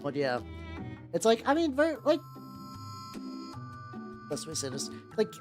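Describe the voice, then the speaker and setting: Male streamer chatting with chat, lively up-and-down delivery, loose rambling talk, faint music underneath. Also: high-pitched. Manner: rambling, halting, many restarts and fillers. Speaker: streamer painting miniatures. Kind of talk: casual livestream chat with viewers. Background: faint background music.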